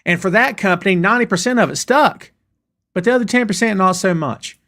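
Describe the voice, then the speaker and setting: A middle-aged man hosting a wrestling live stream, ranting and reading viewer comments in a casual, animated way. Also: sits high, brisk. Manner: animated, ranting, addresses chat as "brother" and "dude". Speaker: host of a wrestling show.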